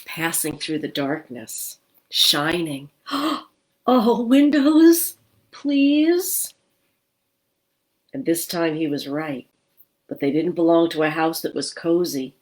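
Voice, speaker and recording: A middle-aged woman librarian reading a picture book aloud to children, expressive and asking them questions. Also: sits low, a little slow. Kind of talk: storytime read-aloud.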